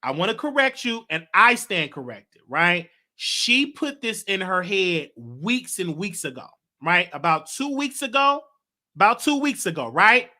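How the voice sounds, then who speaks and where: Celebrity news gets animated, emotional treatment from this high-pitched talk show host, who stretches out his words and breaks into laughter.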